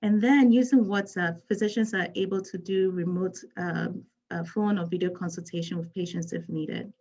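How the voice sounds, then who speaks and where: A woman's voice: on the low side, steady tone, moderate pace, mellow, lo-fi sound. Earnest woman from Ghana, panel talk. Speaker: physician panelist.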